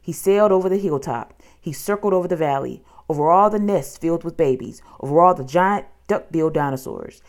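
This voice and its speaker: Low-voiced woman reading a children's book. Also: fairly quick, hardly any pauses, darkish tone. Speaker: storyteller.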